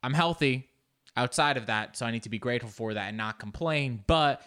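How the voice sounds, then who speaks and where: A male comedian talks alone into his podcast mic at home, in a loose, rambling monologue. He mocks himself, swears freely and jumps up high in pitch whenever he wants to make a point. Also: brisk. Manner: rambling, joking and self-mocking, with frequent swearing; animated, with sudden jumps up in pitch for emphasis. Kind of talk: casual solo podcast monologue.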